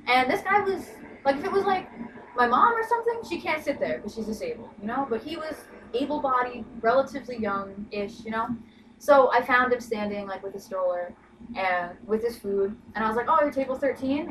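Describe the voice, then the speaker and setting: A young woman rattles through a workplace story in a casual chat, peppering it with "like" and "you know". Her voice sits fairly high and she talks quickly. She sounds set back from the mic, over a clear bed of background noise. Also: distant mic. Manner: chatty, lots of "like" and "you know". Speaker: podcast co-host.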